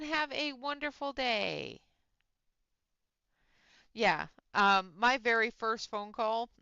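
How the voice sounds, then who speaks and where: A woman's voice: mid-range voice, creaky, pushed and bright, smooth, dry recording, lo-fi sound. A woman hosting a live colouring stream from home, chatting in an easygoing, storytelling way. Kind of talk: casual chat while colouring.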